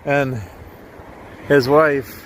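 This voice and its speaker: A man casually narrating his walk through town streets in a slow, rambling, chatty way with chuckles, talking to a handheld camera. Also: medium pitch, steady tone, a little hiss or hum. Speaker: walking vlogger.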